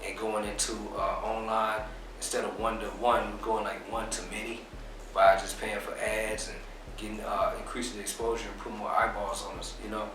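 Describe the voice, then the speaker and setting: A man being interviewed, explaining his business in a relaxed, casual way with plenty of fillers. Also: fairly low pitch, fairly quick, far from the mic, background noise. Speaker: interview guest, business owner. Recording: very echoey room, off mic.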